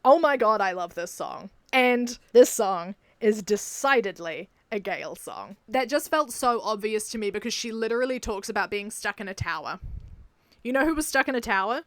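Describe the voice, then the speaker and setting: A young woman with a New Zealand accent, chatting excitedly in a casual video, gushing and often laughing. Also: medium pitch, normal speed, no echo. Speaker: video creator. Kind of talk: casual enthusiastic video commentary.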